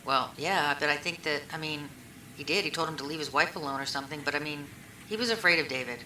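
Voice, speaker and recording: A woman with a low, bright-edged voice rambles through her answers, stacking up "I mean" and "you know" as she retells who said what. She sounds like an old recording made in an echoey room with a faint hiss behind her. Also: fast talker. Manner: rambling, retells conversations, many fillers. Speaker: witness being questioned. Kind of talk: recorded police interview.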